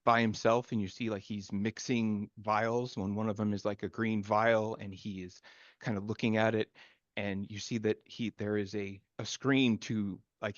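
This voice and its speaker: A low-voiced man narrates a tabletop game as its game master, stopping often to search for words. His voice sounds dry and close, with no room around it. The stream audio is slightly dull and muffled. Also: no echo. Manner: halting, filler-heavy narration.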